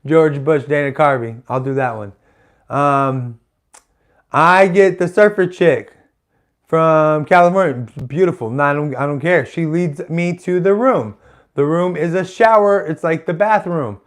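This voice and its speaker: A man's voice: a little high, unhurried. A man doing live stand-up comedy, telling a rambling story full of restarts and asides. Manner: rambling, self-interrupting, chatty asides.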